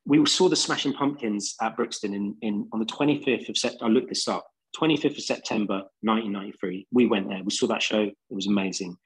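A man's voice: lowish voice, brisk, hardly any pauses, husky, poor audio. A man with a London accent, a band singer on a podcast, rambling through laid-back anecdotes with lots of fillers. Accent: London English. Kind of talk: casual storytelling.

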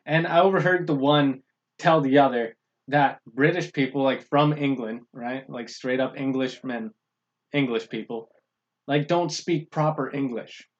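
A man at middle pitch tells a rambling, profane story on a podcast. His speech is peppered with fillers, and the audio sounds dull and lo-fi. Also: measured pace. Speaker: podcast co-host. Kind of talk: casual profane chat.

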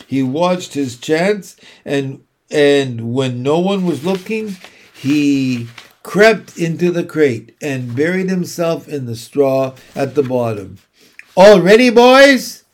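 A man reading a children's book aloud, narrating slowly and deliberately. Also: on the high side, darkish tone. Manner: slow, deliberate storytelling.

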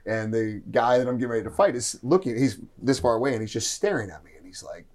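A man's voice: medium pitch, animated, fast, a little mellow. A man co-hosting a martial arts podcast, telling stories in a loose, rambling way full of fillers. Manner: rambling, filler-heavy storytelling. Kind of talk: casual storytelling chat.

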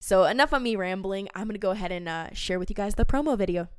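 A woman's voice: mid-range voice, fast talker, clear, resonant tone, no echo, clean studio sound. A young adult woman hosting a devotional podcast, talking earnestly and passionately to her listeners. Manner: earnest and passionate, addresses listeners as "you guys". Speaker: faith podcast host.

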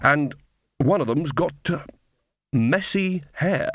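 A man's voice: a little high, animated, slow, fairly bright tone, dry recording, studio quality, voice pushed up, full character voice. A man voicing a nervous male guard corporal who stammers with many hesitations. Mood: flustered.

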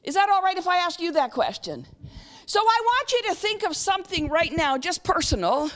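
A woman preaching at a church service, often asking her audience questions and leading them through a guided reflection. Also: very high-pitched. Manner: interactive, asks the audience frequent questions; leads a guided reflection, slow and soft at times. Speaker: guest speaker. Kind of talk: sermon.

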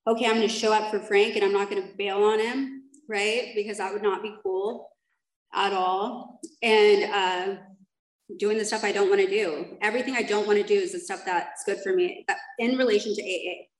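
A woman's voice: medium pitch, steady tone, normal speed. Woman, recovery meeting share, candid, rambling, self-deprecating, echoey room. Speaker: speaker sharing at a recovery meeting. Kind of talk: personal testimony to a group.

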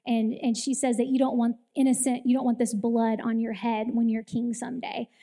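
A woman in her thirties giving a Mother's Day church talk, telling a story in an animated way and acting out the quoted lines. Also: on the high side, normal speed. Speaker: women's ministry speaker. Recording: long hall reverb.

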